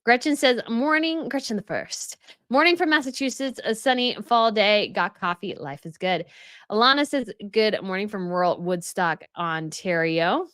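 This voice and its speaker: A woman's voice: mid-range voice, normal speed, fairly bright tone, dry recording, clean studio sound. A young woman hosting a casual livestream, reading viewer comments aloud and reacting to each one in a chatty way. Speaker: royal news livestream host. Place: home setup.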